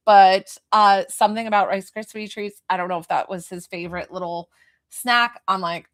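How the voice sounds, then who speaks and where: A woman's voice: mid-range voice, fairly even intonation, normal speed. A woman working as a psychic medium, giving a live reading in a rambling, hesitant way with many fillers and restarts. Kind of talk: live spirit reading to a viewer.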